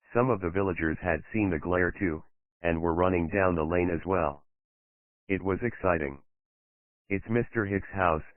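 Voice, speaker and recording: A man's voice: low-pitched, dry recording. A man reading a children's mystery audiobook aloud, giving the characters slight voice shifts. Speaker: audiobook narrator. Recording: dry, phone-like narrow sound.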